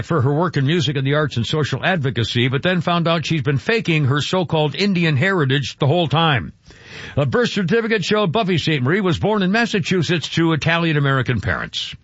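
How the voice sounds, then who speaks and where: Brief: older male radio host, lively voice that swings up and down, slightly raised pitch, loose and chatty, dry dull studio sound. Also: no room sound. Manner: rambling, self-interrupting, chuckling. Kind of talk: casual radio talk.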